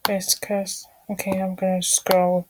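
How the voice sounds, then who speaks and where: A woman's voice: mid-range voice, completely flat delivery, slow, background noise. A woman vlogging casually, talking through her screen, apologizing often and muttering irritated asides under her breath.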